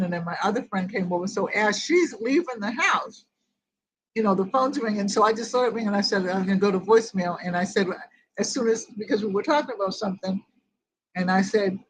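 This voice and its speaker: The recording is low quality, capturing an older woman's mid-range voice. As host of a grief group, she shares a personal story in casual conversation, wandering as she goes and quoting each exchange word for word.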